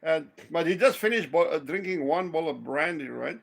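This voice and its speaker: A man from South Africa chatting casually, telling lively stories, acting out quoted voices and swearing freely. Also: a little high, fairly quick, vocal fry. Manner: animated storyteller, acts out quoted voices, swears. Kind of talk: casual storytelling chat.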